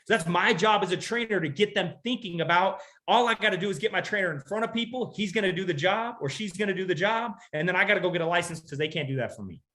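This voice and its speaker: High-pitched guy doing a sales trainer pep talk, lots of rhetorical questions, says the big lines twice. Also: expressive, fast talker, few pauses, pushed and bright. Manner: punchy, rhetorical questions, call-and-response; repeats key lines for emphasis. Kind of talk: motivational talk to an audience.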